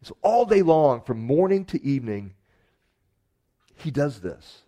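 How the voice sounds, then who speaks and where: Man, pastor, sermon, relaxed dark timbre, earnest, emphatic swells and quiet drops. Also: on the high side, unhurried. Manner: earnest preaching with emphatic rises and soft drops.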